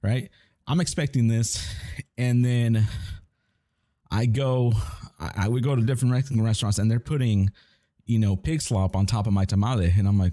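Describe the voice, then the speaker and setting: Male streamer, low and mellow, loose profane storytelling, dry close mic. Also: fairly even intonation, normal speed, no echo. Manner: rambling, profane storytelling with restarts. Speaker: gamer chatting on stream. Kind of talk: casual chat while gaming.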